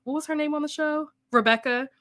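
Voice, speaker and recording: A woman's voice: sits high, fast talker, a bit bright. Chatty, laughing woman streamer. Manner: chatty, laughs often, self-deprecating. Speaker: booktube host reading chat comments. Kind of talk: casual live-stream chat.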